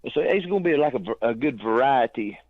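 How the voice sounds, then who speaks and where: A man's voice: mid-range voice, animated, quick pace, no room sound. Folksy East Tennessee man on phone. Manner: folksy, drawling, chuckling. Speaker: songwriter and singer calling in. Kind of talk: casual phone chat. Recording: tinny phone line.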